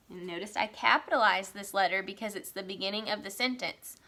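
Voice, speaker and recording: A woman with a mid-range voice teaches young children a writing lesson, speaking slowly and clearly. She reads example sentences aloud in a lively, excited way.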